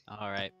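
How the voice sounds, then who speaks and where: A man narrating a tabletop game as game master, slow and hesitant with many fillers. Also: bright, forceful tone, no echo. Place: home streaming setup.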